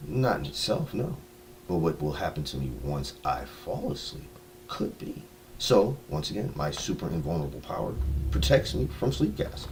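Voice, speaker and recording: A man improvising a rambling, profane story on a live stream, jumping between low mutters and loud outbursts. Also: very animated, normal speed, a little hiss or hum. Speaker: live streamer telling made-up stories. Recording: distant mic with music playing.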